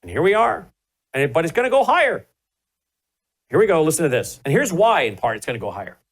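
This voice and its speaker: A man's voice: on the high side, big pitch swings, quick pace, slightly rough, rough recording. A man in his fifties hosting a talk show, speaking emphatically and addressing viewers directly as folks. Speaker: host.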